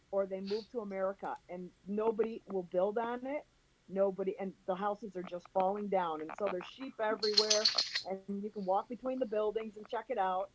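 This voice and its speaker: A woman on a video call telling a lively story, acting out what people said and laughing as she goes. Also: mid-range voice, a little hiss or hum, poor audio. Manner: animated, acts out quoted voices, laughs while telling. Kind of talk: casual storytelling.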